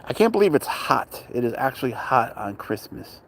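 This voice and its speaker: A man's voice: mid-range voice, sing-song, moderate pace, vocal fry, slight background noise. A man chatting casually outdoors at a dog park, joking, talking to his cat and greeting viewers by name. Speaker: pet owner vlogger. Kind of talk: casual rambling chat.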